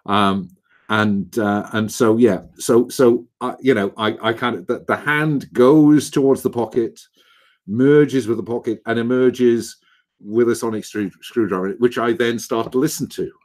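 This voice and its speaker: A man playing a tabletop game, rambling and halting with many fillers. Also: medium pitch, steady tone. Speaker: player. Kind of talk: casual tabletop play.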